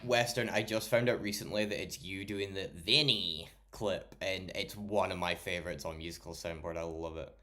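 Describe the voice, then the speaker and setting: Male livestreamer, deep low voice, loose sweary late-night chat with viewers. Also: steady tone, moderate pace, few pauses, bright, forceful tone, soft background music. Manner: swears a lot, chatty, talks to chat by name.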